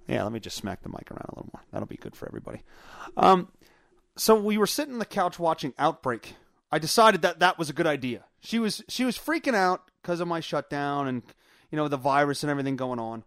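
A man with a fairly high voice rambles through a casual solo podcast from his basement, swearing freely and stumbling over fillers. The sound is dry and close, with almost no room echo. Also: sing-song, brisk, a bit bright. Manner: rambling, profane, frequent filler words. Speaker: podcast host. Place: home basement.

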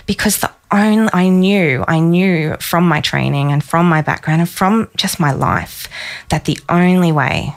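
A woman in her thirties, a psychologist guest on a podcast, telling a personal story warmly and with emotion. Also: lowish voice, normal speed, vocal fry. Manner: warm storytelling, emotional in places.

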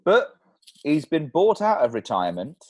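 A man's voice: fairly high pitch, huge pitch swings, moderate pace, no echo. A man co-hosting a comedy podcast, bantering, laughing often and swearing casually. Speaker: podcast co-host.

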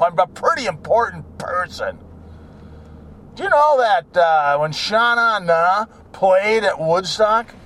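A man's voice: sits high, fairly bright tone. A man rambling in a monologue, ranting and swearing, mocking people by putting on their voices. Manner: ranting, profane, mocks people in put-on voices.

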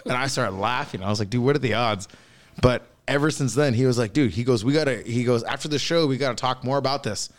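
A man's voice: medium pitch, quick pace. A man telling rowdy stories in a casual podcast chat, swearing and laughing as he goes. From Southern California.

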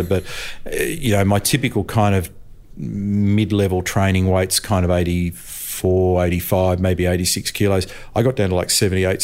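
An older Australian man, a motorsport commentator, telling racing anecdotes in a chatty, laughing way and acting out voices. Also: low-pitched. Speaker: motorsport commentator, interview guest. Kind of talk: anecdotal storytelling.

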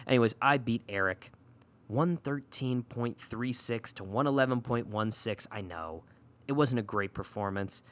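A man hosting a casual recap of his league's matchups. He talks in an animated, sarcastic way and swears often. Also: medium pitch, normal speed. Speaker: fantasy league podcast host. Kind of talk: casual profane recap rant.

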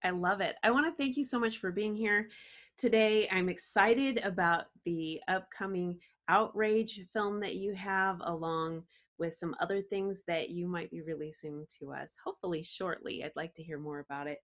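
Female host, lower voice, enthusiastic and effusive. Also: fairly even intonation, moderate pace, a bit bright. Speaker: podcast host. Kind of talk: interview hosting.

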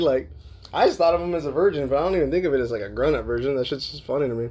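A man with a husky, slightly breathy voice talks through listener emails in a loose podcast chat. He swears freely, fills every pause with fillers and keeps breaking into laughter. His pitch sits in an ordinary middle range. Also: a little mellow. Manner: loose and profane, full of fillers, laughs often. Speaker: podcast host.

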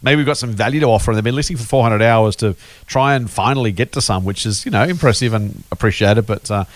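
A man's voice: fairly low pitch, fast, dry recording. An Australian man hosting a podcast, chatting casually and jokingly, often laughing and teasing his co-host. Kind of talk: casual finance podcast chat.

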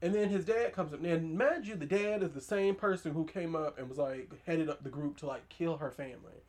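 A woman hosting a podcast, recapping a horror movie in casual chat, animated and emphatic, with slang and side comments. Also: low voice, fairly quick. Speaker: podcast host.

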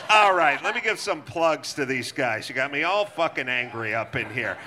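A man with a high, piercing, very bright voice hosts a live comedy podcast. He rants hard, swears freely and jumps between mock quotes and outrage. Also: slow pace, a little hiss or hum. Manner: profane, ranting, animated. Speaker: podcast host.

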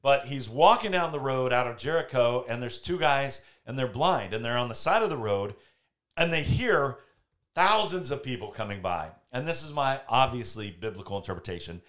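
Animated man telling a faith story. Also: medium pitch, moderate pace. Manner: animated storyteller, acts out quotes. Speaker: podcast host. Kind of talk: casual faith talk. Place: home.

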